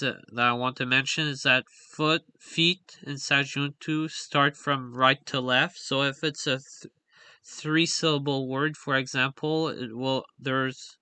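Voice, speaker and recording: A man's voice: medium pitch, bright, forceful tone, clear, resonant tone. A man explaining a language's stress patterns in a casual, hesitant way, full of fillers and self-corrections. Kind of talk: casual explainer with on-screen examples.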